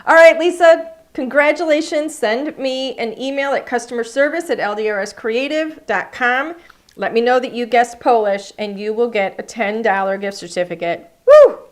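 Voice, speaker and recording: A woman's voice: a little high, normal speed. Chatty, enthusiastic woman hosting a craft class. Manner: chatty and enthusiastic, thinking aloud while crafting. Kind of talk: live-streamed craft demonstration. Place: craft studio.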